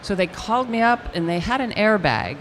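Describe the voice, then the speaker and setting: An older woman, an actress, telling a lively anecdote in an interview, acting out the quotes as she goes. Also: medium pitch, a little fast, a little hiss or hum. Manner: animated storyteller acting out quotes with restarts. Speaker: actress guest.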